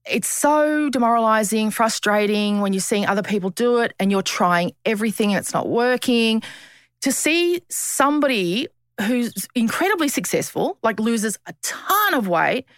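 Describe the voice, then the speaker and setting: A woman's voice: on the high side, expressive, normal speed, no room sound, clean studio sound. A woman, speaking as a podcast guest. She talks frankly and bluntly, with teasing humour and the odd swear word. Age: 50s. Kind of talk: candid conversational interview.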